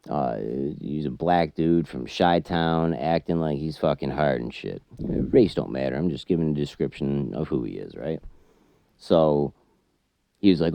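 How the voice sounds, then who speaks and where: A man, a truck driver, telling a casual, profane story over a chess game, getting loud and heated as the tale builds. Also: extremely low pitch, normal speed, no room sound. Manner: profane, animated storytelling that gets loud when worked up. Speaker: trucker and chess channel host.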